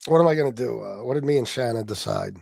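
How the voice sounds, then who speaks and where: A man's voice: mid-range voice, fast talker, vocal fry, darkish tone, husky, dry recording. A man hosting a casual livestream, brash and boastful, swearing freely and answering comments from his viewers. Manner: chats with viewers in the stream chat. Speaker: livestream host.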